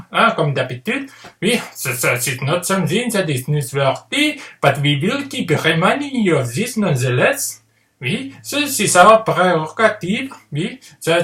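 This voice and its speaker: A man's voice: high voice, pushed and bright, pitched above the performer's own voice, heavily acted. A man voicing a pompous, haughty Frenchman in a put-on French accent, dropping French words into his talk. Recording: roomy echo.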